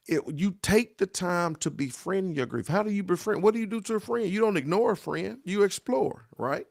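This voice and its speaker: A man's voice: on the high side, animated, moderate pace, vocal fry, no room sound, studio quality. A middle-aged man, a pastor, giving a devotional talk on grief in a repetitive, exhorting preacher cadence, often asking "right?". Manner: exhorting, call-and-response.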